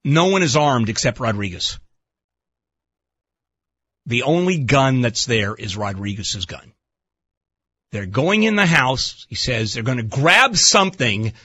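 A man's voice: mid-range voice, sing-song, unhurried, pauses often, pushed and bright, husky, no echo, dull audio. A man hosting a talk radio show, giving emphatic, pointed commentary. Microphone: studio microphone.

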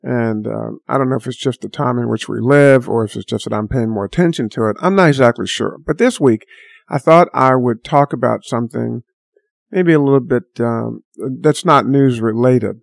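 A man's voice: mid-range voice, normal speed, gravelly, no room sound, clean studio sound. A man telling a story in a casual, rambling monologue, full of fillers and restarts.

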